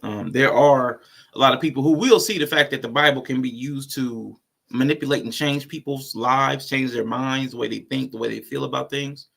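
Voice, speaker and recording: A man's voice: mid-range voice, normal speed, creaky, fairly bright tone. A man hosting casual reaction commentary, blunt and conversational. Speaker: host.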